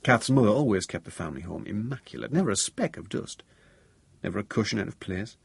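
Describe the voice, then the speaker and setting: A man narrates a first-person thriller audiobook in a measured, grave tone. His voice is low and gravelly, with a husky grain. It is recorded close and dry. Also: lively intonation, dry recording.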